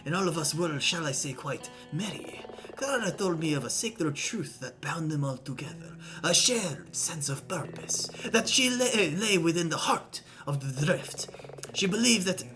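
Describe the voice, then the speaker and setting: A woman's voice: low voice, animated, measured pace. A woman voicing a vain, pompous male photographer witness in an obnoxious, affected put-on accent, faint music behind. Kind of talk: voicing characters in a visual novel stream.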